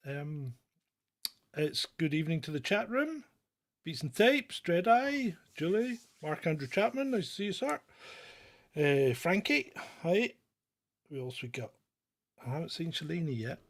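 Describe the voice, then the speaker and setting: A man hosting a live political show, chatting casually with many fillers and restarts. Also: a little high.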